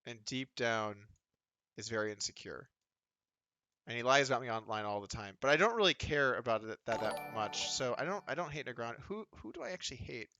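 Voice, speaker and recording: A man's voice: mid-range voice, expressive, brisk, pushed and bright, no room sound. A man, chatting casually and sardonically while streaming poker from home. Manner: rambling, sardonic, mocking impressions of others. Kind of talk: casual livestream chat while playing online poker.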